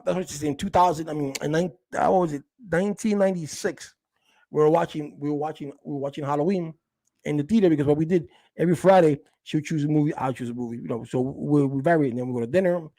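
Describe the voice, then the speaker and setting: A man's voice: on the high side, gravelly, a little mellow, no room sound. A middle-aged man, telling a personal story in a rambling, casual way with many restarts. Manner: rambling, with frequent restarts and quoted dialogue. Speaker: storyteller recounting a past relationship.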